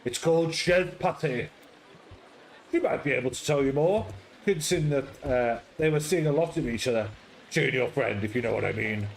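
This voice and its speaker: A man's voice: mid-range voice, normal speed, gravelly, a little hiss or hum, lightly acted, poor audio. A man playing a fussy old bookseller. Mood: lecturing. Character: fussy old male bookseller, pedantic and salesy.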